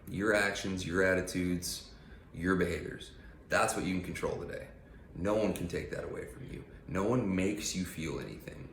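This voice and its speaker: A man's voice: sits low, echoey room, a little hiss or hum. A man giving a casual, blunt and profane motivational rant on his channel. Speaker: vlogger.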